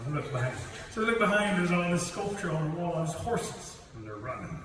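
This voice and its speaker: A man telling stories to students in a lively way, chuckling at his own jokes and acting out the voices. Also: a little high, brisk, few pauses. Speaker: storyteller. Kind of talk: storytelling to students. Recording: echoey hall from far off, background noise.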